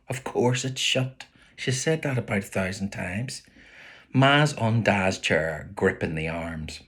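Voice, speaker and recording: A man with a Belfast accent, reading his own novel aloud with lively voices for the characters. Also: low-pitched, slightly rough. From Northern Ireland.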